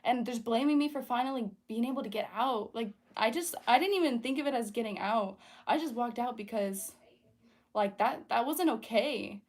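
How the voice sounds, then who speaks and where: A woman's voice: fairly high pitch, normal speed. A young woman hosting a casual livestream, talking in an earnest, chatty way with lots of fillers. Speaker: livestream host. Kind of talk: casual livestream chat while painting.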